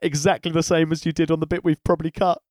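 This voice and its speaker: A man's voice: fairly high pitch, little pitch movement, fast talker, a little mellow, no echo. A man co-hosting a wrestling podcast in casual chat, with dry wry humor and a hesitant, filler-laden delivery.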